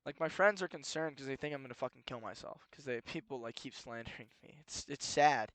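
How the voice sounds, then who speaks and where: A young man ranting in a rambling, profane solo monologue, moving between low muttering and heated outbursts. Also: brisk, fairly bright tone, dry recording. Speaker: solo podcast host. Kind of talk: rambling late-night monologue.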